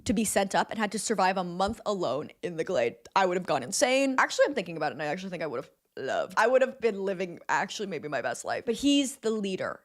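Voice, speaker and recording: A woman's voice: lowish voice, sing-song, quick pace, few pauses. Young woman, casual streamer chat, sarcastic and chatty, laughs and swears freely. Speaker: streamer recapping a film.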